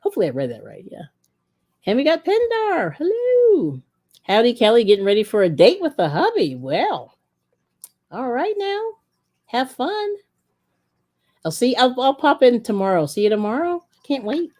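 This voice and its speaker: A woman's voice: a little high, wildly swooping pitch, normal speed, pauses often, darkish tone. A woman hosting a casual cooking live stream, reading viewer comments aloud in a chatty, rambling way and giggling often. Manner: chatty and giggly, laughs often between remarks; rambling, with many fillers and restarts.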